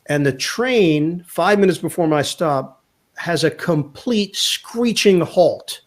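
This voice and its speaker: A man with a slightly raised pitch tells a story in a chatty interview. He keeps it lively, slipping into the voices of the people he quotes. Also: takes it slowly. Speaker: sportscaster guest. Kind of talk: storytelling anecdote in a chat.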